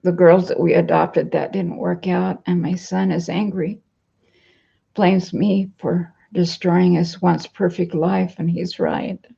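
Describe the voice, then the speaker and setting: In dull, lo-fi audio from a computer webcam mic, a woman vlogs from home, rambling in a downcast manner and reading viewer comments out loud. Her voice sits on the low side, steady and slow, mellow and husky with vocal fry.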